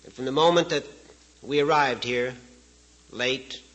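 This guest speaker, from Saskatchewan in Canada, entertains an audience with folksy, joking stories and chuckles at his own anecdotes. He speaks a little slowly in a mid-range, slightly bright voice, and the recording's highs are cut off.

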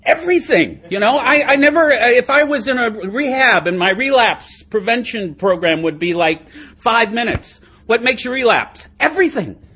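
A middle-aged man tells his story at a recovery meeting in a high, husky voice. His pitch swings widely as he jokes about himself and laughs along, with a lively, self-mocking delivery. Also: moderate pace. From United States. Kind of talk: humorous personal talk.

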